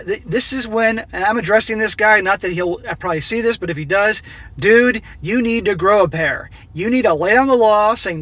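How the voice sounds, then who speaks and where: A middle-aged man delivers a blunt, preachy monologue as a commentary host. His voice sits high for a man and sounds bright and forceful. The recording is dry, with no room sound. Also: moderate pace, dry recording. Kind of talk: opinionated monologue reacting to a read-out story.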